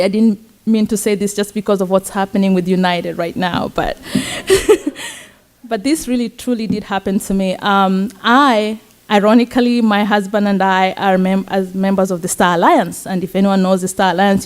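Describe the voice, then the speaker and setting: A young Kenyan woman, a student, telling a personal story at a campus talk event in an earnest, warm way with soft laughs. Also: medium pitch. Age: young adult. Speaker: student speaker. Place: event stage.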